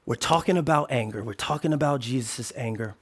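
A man preaching a sermon as pastor, animated and playful, swinging from hushed asides to shouted lines. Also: mid-range voice, a little fast, breathy edge.

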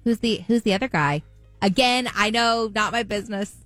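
A woman's voice: medium pitch, normal speed, a bit bright, soft background music. A woman co-hosting a radio show, playful and nosy, chatting friendly with a caller. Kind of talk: radio show banter and prank call.

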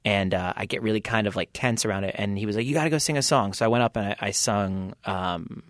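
A man's voice: fairly low pitch, fairly even intonation, a little fast, dry recording, studio quality. A man, a band's lead singer, telling rambling anecdotes as a podcast guest and acting out the people he quotes. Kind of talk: casual interview storytelling.

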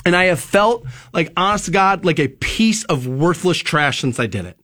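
High bright guy on the radio, telling a story, does the voices of everyone on the phone call, swears a bit. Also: moderate pace. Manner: animated storyteller, acts out both sides of a phone call, swears freely. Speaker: radio show host. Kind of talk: casual radio talk, personal story.

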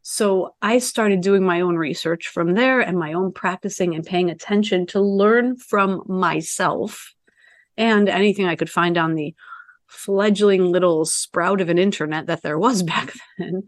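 A woman's voice: on the low side, a little slow, no room sound. A middle-aged woman telling a casual, chatty story, often saying "you know" and acting out quoted lines. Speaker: Reiki practitioner telling her story.

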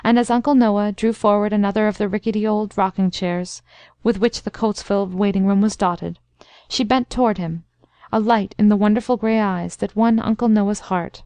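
A woman narrating a classic story in a steady, even storytelling voice. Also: medium pitch, normal speed, clear, resonant tone, no room sound. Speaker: audiobook narrator.

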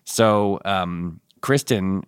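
A man's voice: sits low, extremely slow, clear, resonant tone, no echo, clean studio sound. A man, a show creator, chatting as a guest in a thoughtful, restarting way. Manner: thoughtful, with many restarts and fillers. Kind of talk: casual interview chat.

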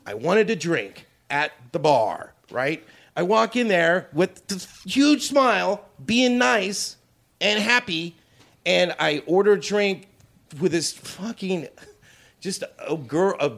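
A man's voice: a little high, fairly bright tone. A male comedian telling a story in casual chat, blunt, profane and defensive. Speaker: comedian guest.

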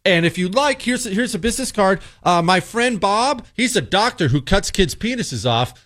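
A man's voice: high voice, animated, normal speed, a bit bright, voice pushed up. A man playing a smarmy, scheming counselor. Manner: condescending, falsely soothing.

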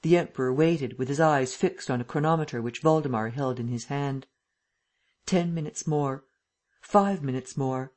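A reader narrating a classic novel as an audiobook in a steady, measured way. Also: mid-range voice.

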